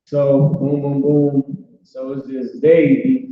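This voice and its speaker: A man teaching an informal online language class, talking loosely with many restarts and filler words like "boom". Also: monotone, takes it slowly. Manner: loose, conversational, repeats "boom" and restarts often. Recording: echoey, dull online call audio.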